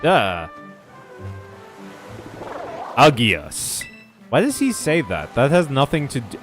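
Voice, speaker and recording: Wisecracking man narrating gameplay. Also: mid-range voice. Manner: riffing, sarcastic asides. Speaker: let's play host. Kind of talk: joking gameplay commentary.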